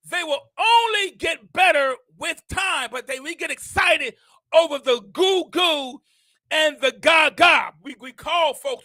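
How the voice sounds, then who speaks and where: High, bright-voiced impassioned older man. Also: dry recording. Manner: impassioned, repetitive, rising to shouts. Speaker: host. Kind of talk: motivational preaching.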